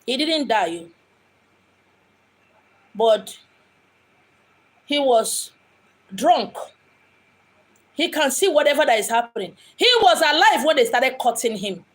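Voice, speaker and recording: A woman from Abia State, Nigeria, whose first language is Igbo, speaks with a Nigerian accent as a spiritual medium delivering an impassioned, dramatic monologue at home in Lagos, acting out the voices she quotes. Her voice is high, animated, and fairly bright, moving slowly with long pauses.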